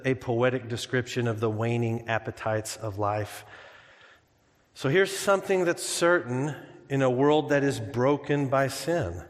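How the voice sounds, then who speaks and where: A man delivers a sermon in a church sanctuary, speaking at a middle pitch in an easygoing, conversational way, with jokes and stories mixed in. His voice carries a long reverb from the large hall. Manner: conversational preaching with humor and anecdotes. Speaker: pastor.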